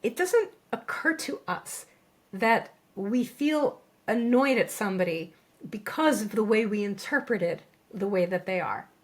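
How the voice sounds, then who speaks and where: Calm, reassuring woman coaching listeners. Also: medium pitch. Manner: calm, reassuring, slows to stress key phrases. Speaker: veterinarian and coach, podcast co-host. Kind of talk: scripted podcast monologue.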